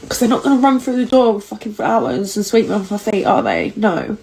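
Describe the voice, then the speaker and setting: A woman's voice: a little high, sing-song, fairly quick, creaky, low-quality recording. A young British woman, tearful, confessing her loneliness to camera in a candid vlog, swearing freely.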